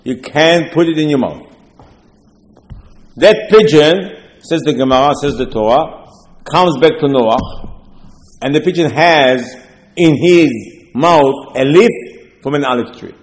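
A man's voice: on the high side, takes it slowly, long pauses. A man with preaching a sermon, telling stories with asides and rhetorical questions. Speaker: rabbi. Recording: long hall reverb.

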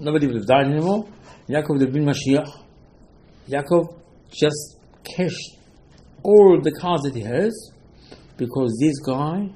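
A man's voice: mid-range voice, mellow, rough recording. A man teaching a Torah lesson as a rabbi. He speaks emphatically in slightly broken English and keeps firing rhetorical questions.

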